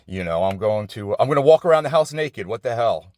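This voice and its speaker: Low-voiced man rambling outdoors, dry. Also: lively intonation, fast, dry recording. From New Jersey. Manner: rambling, digressive and profane, with many restarts. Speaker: vlogger. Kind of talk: rambling personal monologue. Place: outdoors outside an office building.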